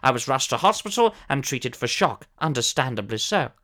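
A man's voice: mid-range voice, big pitch swings, normal speed, bright, forceful tone. A man voicing a pompous elderly former soap actor, telling a fussy, theatrical comic story. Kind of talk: comic character monologue.

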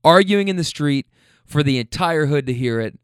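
A man's voice: on the high side, lively intonation, moderate pace, clear, resonant tone, no echo, clean studio sound. A man telling a casual story about a couple he drove, loose, chatty and profane.

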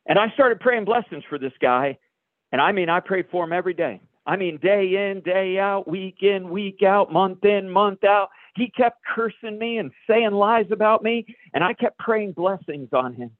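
A pastor telling a personal story in a sermon, a lively storyteller who acts out the dialogue. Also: male voice, high voice, moderate pace, no room sound. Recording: dry, phone-like radio broadcast.

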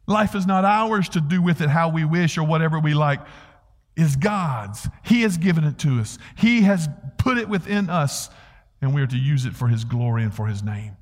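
A man preaching a sermon as pastor, earnestly stressing key phrases and slowing down on them. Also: a bit bright. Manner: earnest preaching, rises in pitch for emphasis, slows on key phrases. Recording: long hall reverb.

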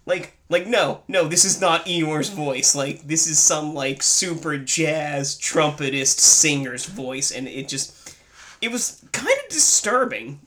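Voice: mid-range voice, expressive, unhurried, bright, forceful tone. Sarcastic podcast co-host riffing on a film. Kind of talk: casual chat.

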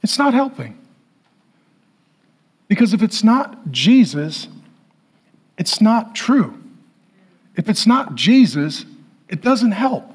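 A male preacher with a high, husky voice that swoops up and down as he teaches. He delivers his sermon with playful asides and sudden loud bursts to the congregation. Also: big pitch swings, slow, long pauses. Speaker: pastor.

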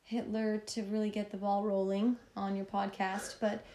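A woman's voice: medium pitch, level tone, normal speed, mellow, roomy sound, a little hiss or hum. A woman with a Canadian accent co-hosting a casual late-night podcast, chatty and tired, laughing often and restarting her sentences. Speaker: podcast co-host.

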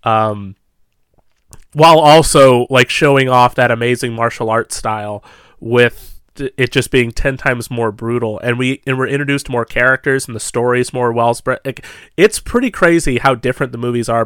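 Young male podcast co-host. Casual, rambling, filler-heavy movie chat; smooth voice, dry close sound. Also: mid-range voice, normal speed, a bit bright, no echo. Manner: chatty, rambling movie talk with frequent fillers.

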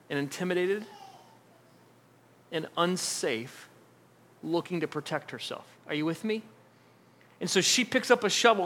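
Bright-voiced male pastor telling a story. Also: on the high side. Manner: conversational storytelling, acts out quoted voices. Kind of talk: sermon with personal story.

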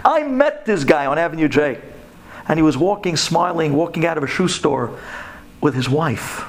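Animated, high-voiced male preacher. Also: moderate pace. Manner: animated and emphatic, swinging sharply up and down in pitch. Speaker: speaker giving a religious talk to women. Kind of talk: sermon-style storytelling.

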